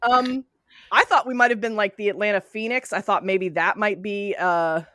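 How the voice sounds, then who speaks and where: A woman co-hosting a podcast in casual chat, blunt and animated, swearing freely. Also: medium pitch, moderate pace. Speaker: podcast co-host.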